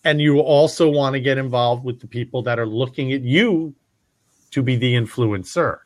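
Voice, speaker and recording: A man from the US East Coast hosting an interview, telling stories with animated impressions of others. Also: mid-range voice, moderate pace, dry recording. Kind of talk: conversational interview.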